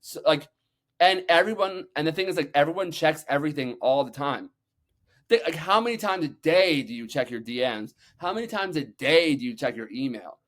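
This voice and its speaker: A man guest on a podcast, telling energetic stories with loose swearing and many "like"s. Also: on the high side. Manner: energetic, acts out quotes, talks fast with many "like"s. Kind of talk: animated storytelling, casual swearing.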